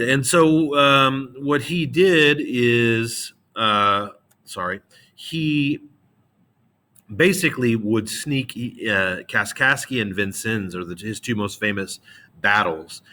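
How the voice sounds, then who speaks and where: A man's voice: mid-range voice, pushed and bright. A man teaching a middle school history lesson in a casual, slangy way, with frequent fillers and restarts. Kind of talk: classroom history lecture.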